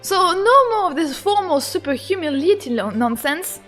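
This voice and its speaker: A woman voicing a bubbly, bold young woman from a story game, pushing everyone to celebrate. The voice is very high and lively and leaps up on the exclamations. Faint game music sits behind her. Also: moderate pace, heavily acted. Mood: exuberant. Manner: exuberant, rallying.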